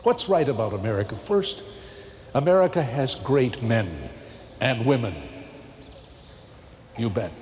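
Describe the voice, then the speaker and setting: Animated male pastor preaching. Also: medium pitch, a little slow, pauses often, a little hiss or hum. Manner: folksy, animated preaching with rising emphatic peaks. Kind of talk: televised sermon. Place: large church. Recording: long cathedral echo, faint ambience.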